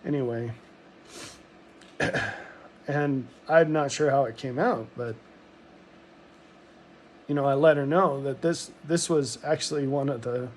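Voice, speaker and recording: A man's voice: mid-range voice, a little hiss or hum. A middle-aged man from Montana telling a personal story in a rambling, reflective monologue, full of ums and restarts.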